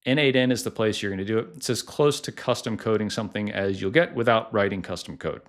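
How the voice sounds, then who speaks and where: Chatty, lower-pitched man explaining AI tools. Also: fast. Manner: chatty, lots of "like" and "uh" fillers. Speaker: tech YouTuber, podcasting company founder. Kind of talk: casual tutorial vlog.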